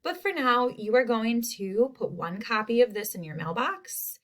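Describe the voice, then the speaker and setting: A woman teacher giving a recorded spelling lesson to young students, saying each word slowly and clearly. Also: fairly high pitch, animated. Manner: slow, clear word-by-word enunciation.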